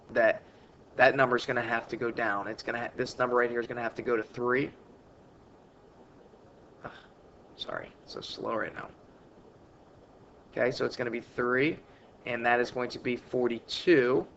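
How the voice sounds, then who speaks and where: A man teaches math in a relaxed, chatty classroom voice at a middle pitch. He hammers important points by saying them again and again. The sound is dull and lo-fi, with a faint hiss underneath. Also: vocal fry. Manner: informal, repeats key points with emphasis. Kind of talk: recorded math lesson.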